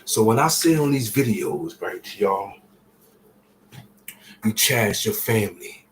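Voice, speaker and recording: A man with a fairly low voice recounts a painful personal story straight to his audience. His speech is casual and peppered with profanity, sinking to near-whispers before rising again. A faint background hiss runs under the recording. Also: animated, slow pace, pauses often, rough recording. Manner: drops to near-whispers and rises to shouts while retelling. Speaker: vlogger sharing a personal story. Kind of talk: emotional personal storytelling to camera.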